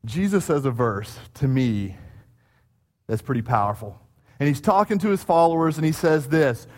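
High-voiced animated male preacher. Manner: animated storytelling, acting out crowd chants. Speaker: pastor. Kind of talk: sermon.

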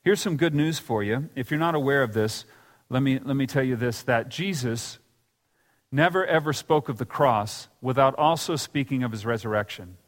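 A man's voice: mid-range voice, normal speed, long reverb tail. A man preaching a sermon in a church, telling scripture stories and acting out the quoted lines. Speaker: pastor. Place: church sanctuary.

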